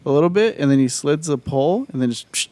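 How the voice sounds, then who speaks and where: A man's voice: fairly high pitch, animated, quick pace, darkish tone, no room sound. A man co-hosting a podcast in casual chat, a laid-back storyteller who swears a lot and laughs often. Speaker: podcast co-host. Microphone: studio mic.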